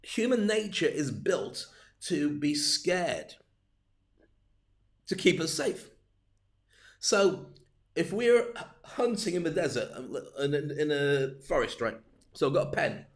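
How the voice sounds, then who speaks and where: Taking it slowly with long pauses, the older man gives speaking coaching over a livestream in a voice that's a little high. He stays playful and jokey, animatedly acting out little scenes and adding many asides.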